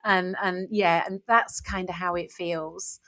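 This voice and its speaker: A woman's voice: on the low side, steady tone, a little slow, bright, forceful tone. A middle-aged woman, an author talking openly and thoughtfully on her podcast, often saying "you know". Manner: open, reflective, leans on "you know". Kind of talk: casual podcast chat.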